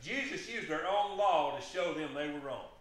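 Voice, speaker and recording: A man's voice: fairly high pitch, animated, normal speed. A man preaching a sermon, impassioned and emphatic, firing off rhetorical questions to his congregation. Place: church sanctuary. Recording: echoey church sanctuary.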